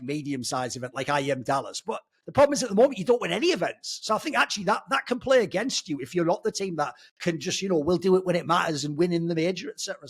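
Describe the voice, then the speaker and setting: A man's voice: high voice, fairly bright tone, husky. A man, an esports pundit rambling irreverently in casual podcast chat, sometimes swearing.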